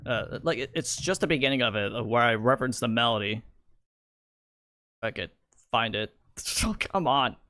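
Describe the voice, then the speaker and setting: Young male streamer, rambling, restarting often, mid pitch, dry sound. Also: animated, moderate pace, pauses often, sharp tone, dry recording. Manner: stammering, restarts a lot, rambling. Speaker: streamer and video creator. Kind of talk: casual live-stream commentary.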